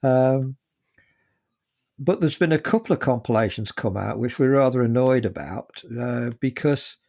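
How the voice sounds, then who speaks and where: A man's voice: mid-range voice, animated, a little slow, darkish tone. An English man in his seventies, a guest musician telling chatty, rambling stories with lots of fillers. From England. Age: 70s. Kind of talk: casual anecdotal storytelling.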